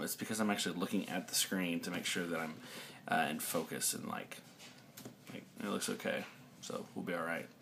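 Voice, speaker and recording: A man's voice: deep voice, vocal fry, fairly bright tone, slight background noise. A man talking to his camera about a Bible passage in a loose, rambling way, with lots of ums and restarts. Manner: rambling, many fillers and restarts. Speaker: video blogger discussing a Bible passage. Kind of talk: casual talk to camera. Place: indoors, dim room. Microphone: camera mic, looking at camera.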